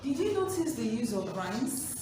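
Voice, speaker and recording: A woman teaching an online literature lesson, speaking slowly and clearly, repeating key points and putting questions to the class. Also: on the high side, big pitch swings. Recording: distant mic in an echoey room with background noise.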